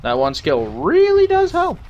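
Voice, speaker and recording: A man's voice: very high voice, huge pitch swings, measured pace, a little mellow, muffled recording, slight background noise. A young man playing a game and commenting with crude, joking banter, talking to the characters on screen. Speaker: gaming channel host.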